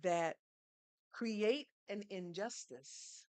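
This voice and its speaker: A woman's voice: mid-range voice, drawn-out words, a little mellow, smooth, no room sound. A woman, speaking as a podcast guest who tells her story in an earnest, teaching way and poses rhetorical questions. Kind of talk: storytelling conversation.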